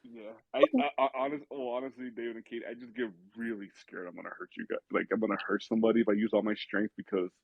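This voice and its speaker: Stammering gravelly man, tinny sound. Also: lowish voice, expressive, fast talker, hardly any pauses, dry recording. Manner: stammering, repeats words. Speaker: podcast guest, judo and jiu-jitsu student. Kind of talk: casual chat.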